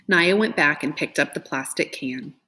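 A woman reads a novel aloud in a fairly low voice. Her delivery is gentle and expressive. She lifts her pitch when the characters speak. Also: moderate pace, husky. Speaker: reader.

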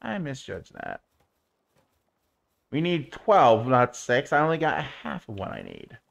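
A man's voice: medium pitch, wildly swooping pitch, moderate pace, gravelly, a bit bright. A man streaming a video game, chatting to viewers and cooing baby talk at his in-game pet. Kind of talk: casual gameplay commentary.

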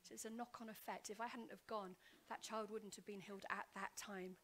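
A woman preaching a heartfelt testimony in church, telling her story earnestly and repeating words as she goes, often sinking to a hushed whisper before building up loud. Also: medium pitch, fairly even intonation, a little fast. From Wales. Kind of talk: sermon testimony. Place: church hall.

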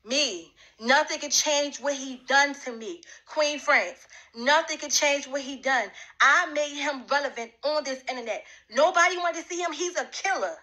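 A woman's voice: high voice, moderate pace, hardly any pauses, bright, forceful tone, rough recording. A woman addressing someone directly, confrontational and repetitive, repeating her demands with emphasis.

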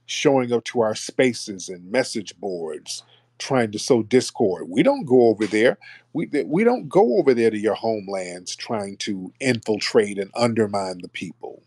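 A man's voice: mid-range voice, expressive, measured pace, darkish tone, no echo. A man hosting a call-in talk show, blunt and mocking in manner. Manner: blunt, mocking, puts on voices to mimic callers. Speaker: host.

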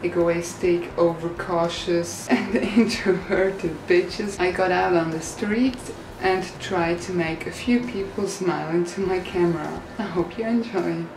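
A young Swiss woman with a Swiss German accent, vlogging in a playful, mock-serious way. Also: lowish voice. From Switzerland. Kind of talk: casual sarcastic vlog. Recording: roomy indoor echo, faint music.

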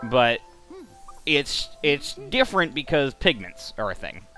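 A young man in casual gaming banter, joking and rambling with loud laughs. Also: medium pitch, very animated, slow, faint music behind. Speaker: gaming commentator.

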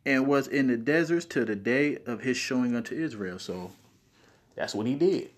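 A man's voice: mid-range voice, expressive, normal speed. Bible teacher, male, slight speech impediment, hits key words hard when reading verses. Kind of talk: scripture teaching video.

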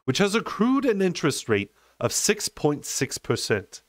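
A man voicing a steely, curt woman debt collector who speaks in a low, clipped tone. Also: huge pitch swings, unhurried, no echo, clean studio sound. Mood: cold.

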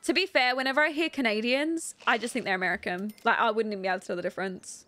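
A young British woman streams a life-simulation game, chatting casually as she reads and answers chat and giggles often. Her fairly high voice is bright and forceful, and she talks very fast.

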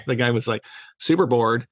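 A man's voice: medium pitch, animated, measured pace, no room sound. A middle-aged man, a guest on a podcast, telling stories casually and acting out bits of dialogue, with lots of "you know" fillers. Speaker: podcast guest, safety trainer. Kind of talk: casual conversational storytelling.

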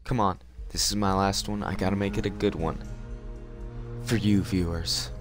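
A man giving profane, excitable commentary on his game as a channel host, yelling when things go wrong. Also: sits low, normal speed. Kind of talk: let's play commentary. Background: game music.

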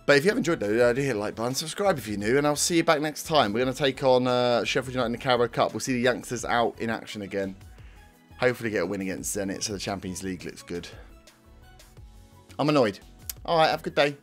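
A man's voice: mid-range voice, lively intonation, fast, faint music behind. A man commentating on his own football management game, swearing and ranting in frustration. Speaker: gaming video host.

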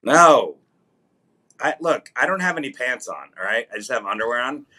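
Bright-voiced man, teasing comedian. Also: medium pitch, expressive, moderate pace. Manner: teasing, then explains at length. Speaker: podcast co-host, comedian. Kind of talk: casual comedic chat.

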